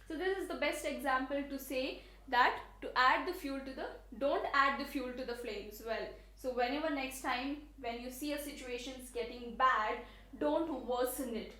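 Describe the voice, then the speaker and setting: A woman's voice: sits high, moderate pace, sharp tone, reverberant. A woman, tutoring exam students on idioms in a chatty, rambling way with many fillers.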